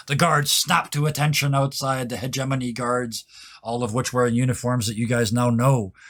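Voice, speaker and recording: Laughing tabletop game master. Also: male voice, medium pitch, a bit bright. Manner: laughs often, quick narration.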